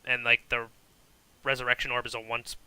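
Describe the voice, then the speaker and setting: A man's voice: mid-range voice, level tone, a little fast, bright, forceful tone, smooth, poor audio. A man co-hosting a live show, chatting casually about tabletop wargame rules, skeptical and teasing, full of "like" and loose phrasing. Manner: skeptical, teasing, many "like" fillers. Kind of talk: casual gaming chat.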